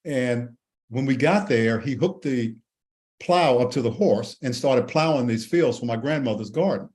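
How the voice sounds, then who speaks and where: Older male guest, sixties, animated storyteller with frequent restarts, mid-pitched voice. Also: measured pace. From Washington D.C. and Maryland, USA. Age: 60s. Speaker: guest, Air Force veteran. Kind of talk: storytelling in a podcast interview.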